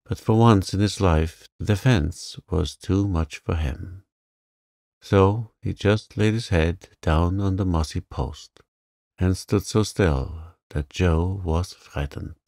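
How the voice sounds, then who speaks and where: A man narrating a classic novel as a calm sleep story, in a soft, even way. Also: deep voice, slow, creaky, dry recording, studio quality.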